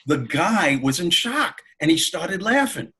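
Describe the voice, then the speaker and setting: A man who is a comedian and motivational speaker, telling anecdotes as a guest in an interview in an animated way. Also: on the high side, unhurried, husky. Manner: animated, anecdotal, laughs while telling stories. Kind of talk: storytelling in an interview.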